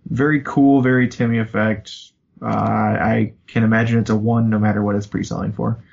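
A man's voice: fairly low pitch, flat delivery, normal speed, creaky, darkish tone, dull audio. A man co-hosting a podcast, teasing the others and steering the card talk along. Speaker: podcast co-host. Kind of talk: casual card-review chat.

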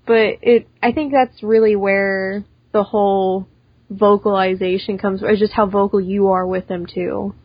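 A young woman guest, a cosplayer, talking casually in an interview, quick and chatty with many restarts. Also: medium pitch, steady tone, husky, no echo, highs cut off.

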